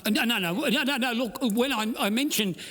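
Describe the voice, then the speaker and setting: An older Australian man with a high, light voice banters from the stage of a small live venue. He jokes at his own expense in a chatty, self-mocking way. An acoustic guitar plays loudly under his talk. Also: brisk. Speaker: singer-songwriter performer.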